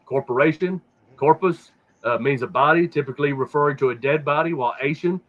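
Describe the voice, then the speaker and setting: A man's voice: fairly high pitch, brisk. A man hosting a casual podcast, rambling and swearing a lot, often repeating words as he hunts for the next thought. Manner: profane, rambling, repeats words when stuck. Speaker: podcast host. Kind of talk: casual conspiracy talk. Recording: dull lo-fi sound.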